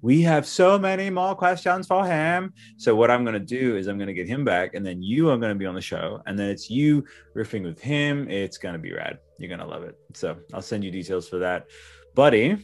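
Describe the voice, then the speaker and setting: A man's voice: fairly low pitch, expressive, a little fast, gravelly. A man hosting a podcast, chatting casually with lots of enthusiasm and casual swearing. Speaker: podcast host.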